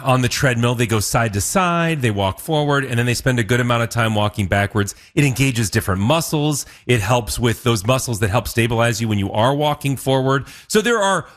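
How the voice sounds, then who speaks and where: A man's voice: medium pitch, animated, a little fast, hardly any pauses, a bit bright. A man co-hosting a radio chat, explaining things plainly and giving practical advice.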